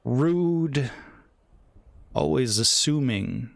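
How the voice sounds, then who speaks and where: A man voicing a grim, haughty ancient djinni lord who speaks slowly and with scorn. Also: medium pitch, expressive, gravelly, no room sound, full character voice. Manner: slow, scornful and lordly.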